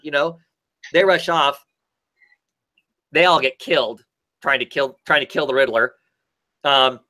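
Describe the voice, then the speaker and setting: Male comic reviewer, casual, rambly, slightly higher voice, bright and energetic. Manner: rambling, frequent fillers and restarts, enthusiastic retelling.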